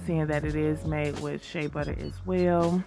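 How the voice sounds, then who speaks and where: Her voice sits low with vocal fry, and she delivers her casual how-to narration flatly and without hurry. This soap maker and shop owner, scratchy from a recovering cold, demonstrates soap making over background music and addresses viewers as y'all.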